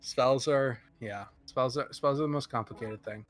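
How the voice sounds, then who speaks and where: A man's voice: medium pitch, moderate pace, soft background music. A man bantering and arguing jokingly as a player in a tabletop game session. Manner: joking, argumentative.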